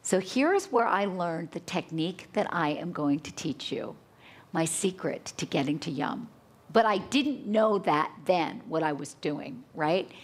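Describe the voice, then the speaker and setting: A woman chef telling a lively story at a live cooking demonstration, acting out her own panicked reactions. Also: medium pitch. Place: conference hall with a live audience.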